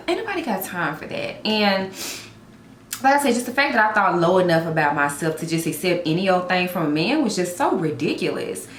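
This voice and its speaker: A woman's voice: fairly low pitch, a bit bright, reverberant, slight background noise. A woman telling a personal story in a heartfelt vlog, speaking earnestly and encouraging her viewers with emphatic repetition. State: tearful at times. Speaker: vlogger.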